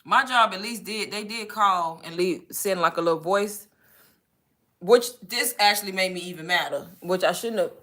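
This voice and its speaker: Young woman, live-stream host, casual chat, bright tone. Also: mid-range voice, normal speed. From Texas. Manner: animated storytelling with laughs.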